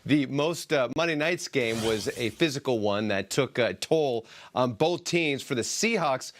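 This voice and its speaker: A man's voice: mid-range voice, animated, measured pace, noisy background. A man reading football news from a teleprompter as a correspondent.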